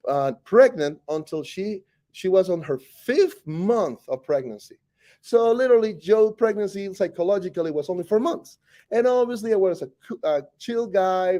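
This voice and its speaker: Costa Rican man telling his story, mellow. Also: sits high. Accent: Costa Rican Spanish. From Costa Rica. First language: Spanish. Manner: animated, rambling with self-corrections. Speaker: teacher. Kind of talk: personal storytelling interview.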